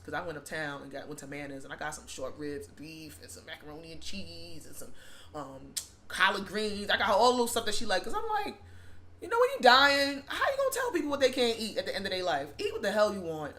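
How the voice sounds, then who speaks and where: Bright-voiced heartfelt storyteller. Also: mid-range voice, slight background noise. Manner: rambling, heartfelt, repeats itself with many fillers. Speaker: spiritual shop owner and vlogger. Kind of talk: casual storytime monologue.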